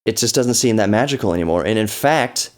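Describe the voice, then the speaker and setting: Male podcast host, 30s, lowish voice, loose rambling delivery with self-corrections. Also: expressive, brisk. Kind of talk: casual solo podcast talk.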